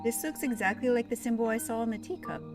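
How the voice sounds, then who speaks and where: A woman's voice: on the high side, quick pace, over music. A young woman, playfully chatting with her viewers by name while streaming a cozy game. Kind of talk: casual live-stream chat with chat.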